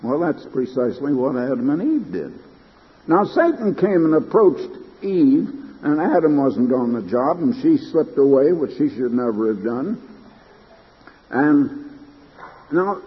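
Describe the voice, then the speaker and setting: A man's voice: a little high, very animated, measured pace, muffled recording. Fervent older male preacher, reverberant hall. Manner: emphatic, rising to fervent peaks. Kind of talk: broadcast sermon.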